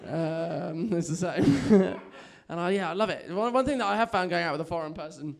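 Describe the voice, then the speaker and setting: A young man with an English accent and a notably high-pitched voice works the room in a comedy club. He talks in a chatty, self-mocking way and laughs at his own lines. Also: moderate pace, gravelly. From England. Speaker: stand-up comedian. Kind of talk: stand-up set. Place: comedy club with a live audience.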